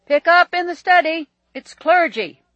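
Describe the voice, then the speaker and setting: A narrator voicing an excitable older male cousin who talks loudly and effusively, in a dry, slightly dull recording. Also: high voice, moderate pace, no room sound, voice pushed up, full character voice. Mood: bellowing. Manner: boisterous, bellowing, effusive.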